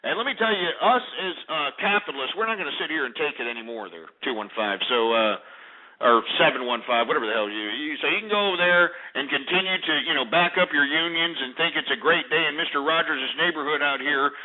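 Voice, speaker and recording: Ranting talk radio host, tinny sound. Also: male voice, on the high side, fast. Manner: ranting, profane and insulting. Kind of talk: call-in talk radio rant. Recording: tinny phone-like radio archive.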